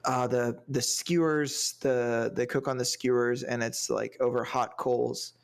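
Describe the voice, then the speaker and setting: A man's voice: mid-range voice, level tone, unhurried, gravelly. A man co-hosting a podcast, chatting casually about a film, rambling and searching for words with lots of fillers. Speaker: podcast co-host. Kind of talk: casual movie review chat.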